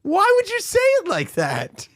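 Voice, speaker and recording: A man's voice: very high voice, huge pitch swings, measured pace, a bit bright, no room sound, clean studio sound. A man co-hosting a podcast, telling a long story in casual chat and acting out the people in it. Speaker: podcast co-host.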